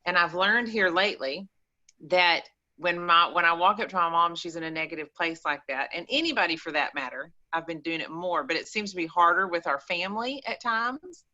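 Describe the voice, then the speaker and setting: A woman with an East Texas accent, chatting as a caller on a call-in show in an animated, rambling, folksy way. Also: fairly low pitch, fairly quick, muffled recording. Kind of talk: casual chat.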